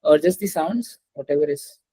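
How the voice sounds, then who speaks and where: A woman's voice: sits low, normal speed, warm tone, husky, dry recording, low-quality recording. A woman teaching French pronunciation to a small online class, patiently repeating and checking understanding over a video call.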